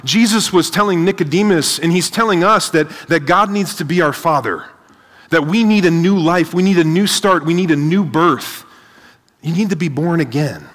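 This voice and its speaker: A man preaching a sermon to a seated audience, energetic, asking rhetorical questions and often adding "right?". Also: a little high. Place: large hall with a live audience. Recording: long hall reverb.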